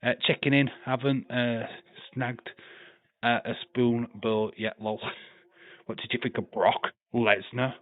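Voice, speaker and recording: A man's voice: mid-range voice, little pitch movement, a little slow, phone-quality sound. A man with a Yorkshire accent hosting a live watch-along, chatting casually, laughing often, swearing and reading chat messages aloud. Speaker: livestream host.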